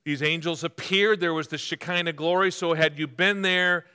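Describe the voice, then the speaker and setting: A male pastor with a bright, forceful voice delivers a sermon, stopping often to have listeners underline words and tossing out questions he answers himself. His tone is smooth and resonant, a touch above the usual male pitch, and the sound rings with the long reverb of a large hall. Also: fairly even intonation, normal speed. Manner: interactive, asks the congregation to mark their notes; poses quiz questions and answers them himself.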